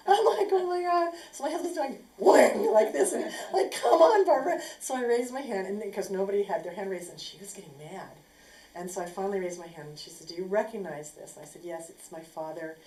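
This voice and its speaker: A woman telling a personal story casually, acting out what people said in an animated way. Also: fairly low pitch. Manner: animated, acts out quotes. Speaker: speaker sharing a personal story. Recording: echoey room with faint noise.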